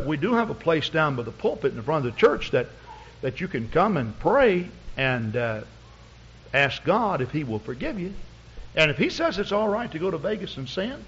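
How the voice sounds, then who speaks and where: Husky-voiced pastor, lively folksy storyteller. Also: male voice, fairly high pitch, moderate pace. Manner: folksy, rambling with many fillers. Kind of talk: storytelling sermon. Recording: dull lo-fi recording.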